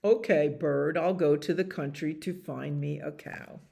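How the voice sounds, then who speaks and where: A woman voicing an eager young male cattle dog in a storybook reading, with high yipping barks. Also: fairly even intonation, unhurried, gravelly, mellow.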